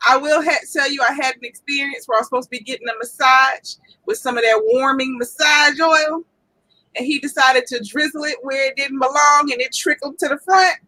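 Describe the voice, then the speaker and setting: A woman co-hosting a casual chat, telling stories in an animated way. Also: high-pitched, brisk, rough recording. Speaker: co-host.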